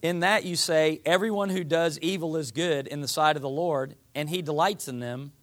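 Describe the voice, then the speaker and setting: A man's voice: a little high, moderate pace, fairly bright tone. A man preaching a sermon in a folksy, conversational way, reading scripture and acting out what people say. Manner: folksy, uses voiced asides for the people.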